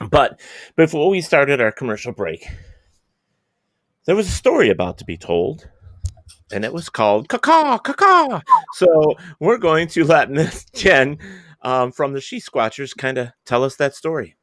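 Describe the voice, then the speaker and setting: A man's voice: medium pitch, very animated, measured pace, no room sound, clean studio sound. A man hosting a talk radio show, chatting casually with guests and reading chat questions aloud. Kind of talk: casual live-stream hosting.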